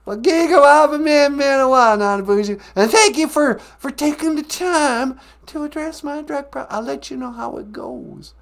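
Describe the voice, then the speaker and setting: A man voicing an innocent male sidekick puppet with a high, squeaky voice. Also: normal speed, gravelly, hardly any pauses, fairly bright tone, heavily acted. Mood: giggly.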